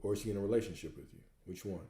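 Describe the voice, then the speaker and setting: A man's voice: fairly low pitch, rapid-fire, dark tone, echoey room. A man hosting a livestream Q&A, coaching viewers and hammering points home with repeated rhetorical questions. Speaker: host answering viewer questions.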